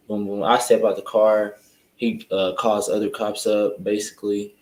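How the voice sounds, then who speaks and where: A young man recounts events in an even, matter-of-fact voice that barely rises or falls. His tone is on the low side. The room adds clear echo around him. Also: moderate pace. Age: young adult. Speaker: college student panelist. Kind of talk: casual storytelling.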